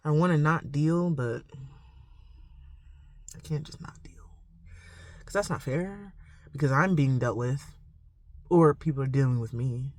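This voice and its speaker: A woman's voice: low voice, moderate pace, darkish tone, no echo. A woman vlogging a rambling, reflective monologue, full of "like" and "you know". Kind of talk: confessional casual monologue to camera.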